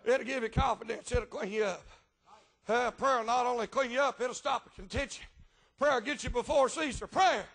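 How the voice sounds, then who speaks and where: A middle-aged man preaching a revival sermon, swinging between folksy storytelling in dialect grammar and chanted, shouted preaching punctuated by rhythmic "uh" breaks. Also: very high-pitched, normal speed.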